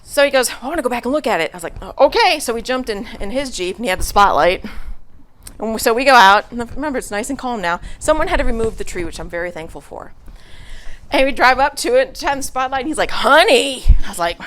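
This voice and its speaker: In a fairly high, slightly bright voice, a middle-aged woman animatedly tells her congregation a story at a quick pace. The message is chatty and casual, sprinkled with laughter, fillers and restarts.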